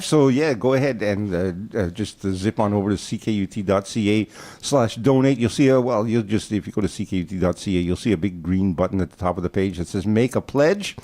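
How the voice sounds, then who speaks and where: Man, radio host, Canadian accent, low voice, easygoing chatter, studio mic. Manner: relaxed, chatty, laughs easily. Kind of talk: casual radio interview.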